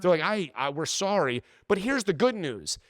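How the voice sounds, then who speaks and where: A man hosting a podcast, telling an exasperated travel story in a casual, animated way. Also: high-pitched, normal speed, dry recording, clean studio sound. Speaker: podcast host.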